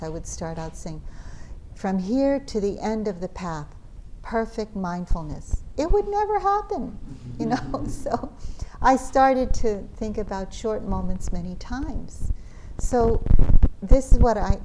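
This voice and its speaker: Woman meditation teacher, low, gentle, reflective; recording with heavy hiss behind her. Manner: gentle, reflective, with soft laughs. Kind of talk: dharma talk at a retreat. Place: retreat center meditation hall. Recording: loud background noise.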